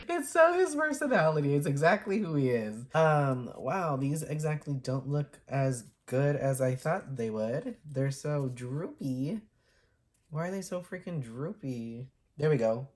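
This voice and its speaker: A young woman recaps a movie in a loose, chatty vlog, laughing between sentences. Her voice sits low. She drops into playful impressions of the characters as she goes. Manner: chatty, laughing, acts out quotes. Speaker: movie reviewer and vlogger. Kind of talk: casual chat.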